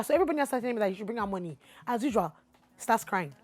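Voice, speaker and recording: Animated Nigerian woman telling a story. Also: racing, no echo. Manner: animated, swings from low asides to loud acted outbursts. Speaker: vlogger. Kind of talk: storytime vlog.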